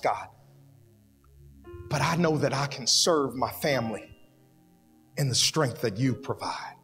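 A man preaching a sermon in a church, with fervent, prayerful repeated pleas. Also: on the high side. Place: church sanctuary. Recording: long hall reverb with soft music behind.

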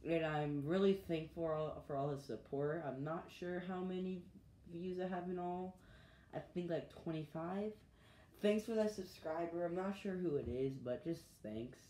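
A man's voice: a little high, normal speed, dark tone, slight background noise. A male channel host talking in a rambling, chatty way for a casual gaming vlog, recorded on an iPad. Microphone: iPad mic. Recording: echoey room.

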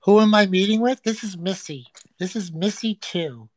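A woman's voice: mid-range voice, moderate pace, a little mellow, no echo. A woman hosting a casual livestream from a friend's home, teasing and swearing through crude, brash banter. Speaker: livestream host.

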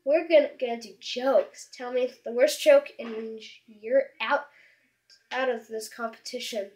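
A woman with a high voice hosts and voices every character in a homemade toy-figure comedy show. She talks in a loose, stumbling way, repeating words as she goes. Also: steady tone, unhurried, darkish tone. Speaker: host and voice of all characters.

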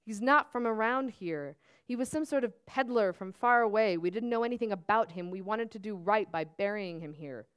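A woman's voice: mid-range voice, normal speed, hardly any pauses, a bit bright, smooth, no room sound, highs cut off, close to an everyday voice. A woman reading as a nervous, agitated village man. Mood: pleading. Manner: pleading, evasive. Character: nervous, agitated village man who bites his nails.

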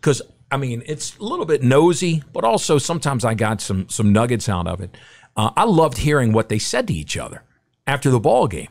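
A middle-aged man, a podcast guest, telling a story in casual, animated chat and acting out the quotes. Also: mid-range voice, a little fast, creaky.

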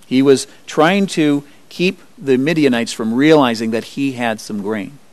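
A man preaching a sermon as pastor, expressive, rising high for emphasis and dropping low and quiet. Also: measured pace, no room sound. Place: church.

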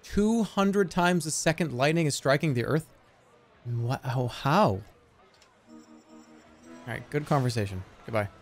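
Animated, incredulous male streamer. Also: mid-range voice, measured pace, long pauses, soft background music. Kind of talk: casual gameplay commentary.

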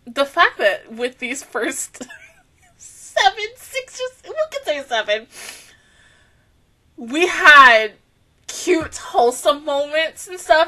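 A woman hosting an anime reaction, talking casually, swearing freely and swinging between soft musing and loud outbursts. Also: high voice, sing-song, slow pace, long pauses.

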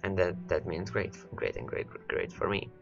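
A man's voice: low-pitched, fairly even intonation, normal speed, vocal fry, highs cut off, soft background music. A man rambling through gameplay commentary, his voice worn and cracking from hours of talking, repeating words as he talks to his units. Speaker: let's play host.

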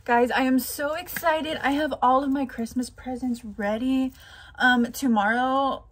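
A woman's voice: sits high, steady tone, unhurried. A young woman vlogging in a chatty, playful way, calling her viewers girl. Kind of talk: casual vlog chat.

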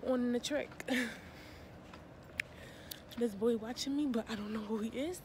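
A woman's voice: a little high, fairly even intonation, unhurried, pauses often, warm tone, slight background noise. A young adult woman vlogging casually, slangy and laid-back, with laughing asides. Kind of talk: casual vlog chat. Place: outdoors on a college campus at night.

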